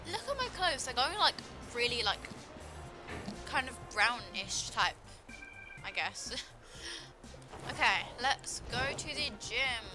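A woman's voice: fairly high pitch, big pitch swings, takes it slowly, pauses often, over music, rough recording. A woman giving casual commentary over her gameplay in a bubbly, chatty way, saying like a lot. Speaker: gaming video host.

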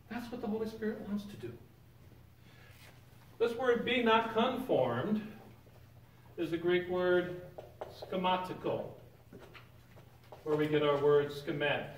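A man leads a church Bible class in a relaxed, conversational way, stopping to quiz the people in the room. His fairly high voice rings around a big sanctuary. He sounds distant from the mic, with a faint hiss under the recording. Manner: conversational, quizzes the class with questions. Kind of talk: informal Bible lesson. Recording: roomy echo, picked up from a distance.

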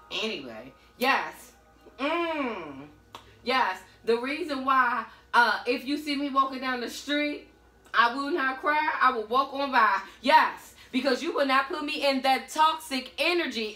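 A woman's voice: high-pitched, reverberant. A woman giving a blunt, sassy tarot reading in a casual monologue. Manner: sassy, blunt, animated storytelling. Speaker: tarot reader.

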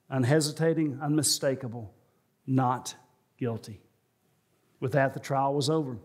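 A male pastor preaching a sermon in a church, telling a story and slowing and rising in pitch for emphasis. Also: a little mellow. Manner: storytelling, slows and rises for emphasis. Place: church sanctuary.

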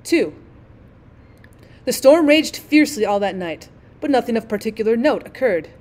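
A woman with a somewhat high voice reads a classic short story aloud in a clear, expressive way. She narrates like a teacher guiding her class through an audiobook. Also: normal speed.

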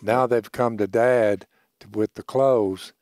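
A man's voice: fairly low pitch, fairly even intonation, slow, darkish tone, no echo. An older man co-hosting a podcast, chatting casually and dropping dry, folksy sayings. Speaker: podcast co-host. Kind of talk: casual chat.

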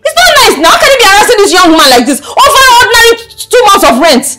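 A woman's voice: very high-pitched, very animated, very fast, over loud music. A young woman with a Nigerian accent playing an indignant daughter who pushes her point with rhetorical questions. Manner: emphatic, fires off rhetorical questions.

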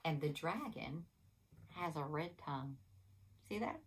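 A woman hosting a children's storytime, reading a picture book aloud in an animated, coaxing sing-song way. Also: deep voice, measured pace.

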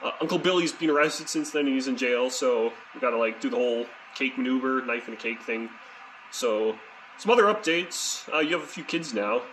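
A man's voice: medium pitch, brisk, slight background noise, low-quality recording. Rambling man in a joking video message. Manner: rambling, deadpan joking with fillers. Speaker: friend sending a video message.

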